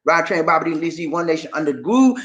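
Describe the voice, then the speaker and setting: The man running this casual live chat greets his viewers and voices their comments with emphatic, chatty energy, repeating himself often. His fairly high voice moves fast, and the sound is lo-fi.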